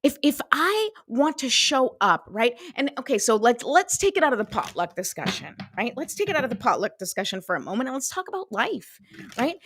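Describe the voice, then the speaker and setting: A woman hosting a casual motivational talk, chatty and animated, often checking in with "right?" and acting out little conversations. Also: on the high side, no room sound, clean studio sound. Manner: chatty, lots of "right?" and acted-out dialogue. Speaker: host.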